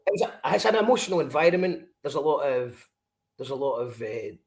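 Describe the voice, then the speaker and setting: A man's voice: mid-range voice, expressive, crowd noise. A man with a Scottish accent hosting a podcast, chatting casually and stumbling over his words as he repeats them. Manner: halting, repeats words as he talks. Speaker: podcast host. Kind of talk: casual chat.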